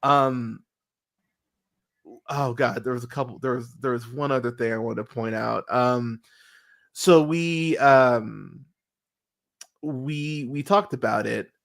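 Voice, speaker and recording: Excitable guy on a podcast mic, swears a lot, acts out the bits he's retelling. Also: mid-range voice, takes it slowly, gravelly, long pauses. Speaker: podcast host. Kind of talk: casual podcast review chat.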